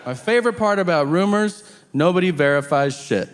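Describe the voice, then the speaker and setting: A middle-aged stand-up comedian performs on a theater stage before a live audience, telling a story and acting out both sides of the conversation. His voice sits high and is animated and fairly quick, with live hall reverb and audience noise in the recording.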